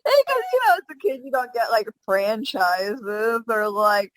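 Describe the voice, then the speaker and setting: A woman from the American South co-hosting a casual podcast, animated and playful, with a casual curse now and then. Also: fairly high pitch, moderate pace, no room sound, poor audio. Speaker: podcast co-host. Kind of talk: casual chat.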